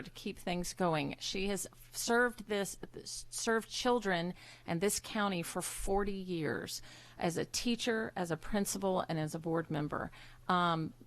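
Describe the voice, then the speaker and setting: A woman presiding over a public school board meeting, giving a heartfelt tribute with frequent fillers and restarts. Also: mid-range voice. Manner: warm, halting, with many fillers and restarts.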